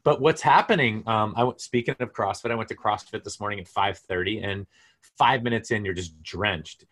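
A man's voice: lowish voice, moderate pace, a bit bright. A middle-aged man co-hosting a podcast, easygoing and telling stories with many fillers. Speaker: co-host. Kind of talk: casual podcast chat.

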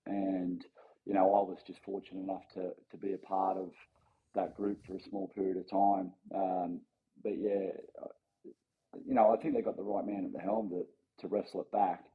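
An Australian man in his forties, a guest in a casual interview, telling anecdotes in a lively way, acting out the voices of people he quotes, with plenty of fillers and restarts. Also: sits low, moderate pace, phone-quality sound.

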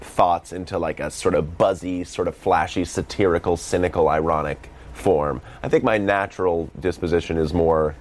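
A man's voice: low-pitched, moderate pace, hardly any pauses. A young man in his twenties with a light Boston accent, rambling and self-deprecating as a guest in a casual interview. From Massachusetts, USA. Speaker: film director and comedian guest.

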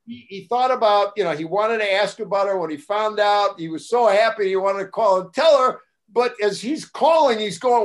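A man's voice: normal speed, hardly any pauses. An older man, a former wrestling broadcaster, telling casual stories on a talk show and acting out the voices of the people he quotes. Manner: animated, acts out quoted voices with rising pitch and loudness. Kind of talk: casual anecdotal storytelling.

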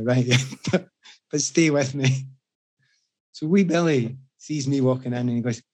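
A Scottish man in casual chat, telling animated, self-mocking anecdotes to the room. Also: medium pitch, unhurried. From Scotland.

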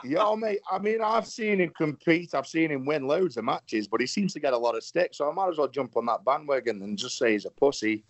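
A man's voice: a little high, lively intonation, a little fast, hardly any pauses. A British man teasing and joking in a casual podcast chat. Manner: teasing, playful. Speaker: guest.

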